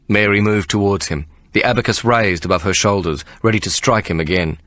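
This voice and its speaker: A man narrating an audiobook with measured, expressive storytelling. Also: lowish voice, no echo, studio quality. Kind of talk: scripted narration.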